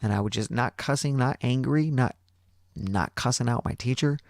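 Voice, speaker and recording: In casual storytelling on his podcast, a man in his thirties wanders through a profane tale, frequently starting over. He talks at a normal speed with medium pitch, recorded at studio quality with no room sound.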